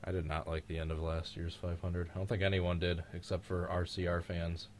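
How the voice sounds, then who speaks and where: Low-pitched and fairly quick, a man speaks with flat delivery as he leads a live race reaction among friends. Though congested and sick with a cracking voice, he chats, teases, and rambles through past races in casual commentary.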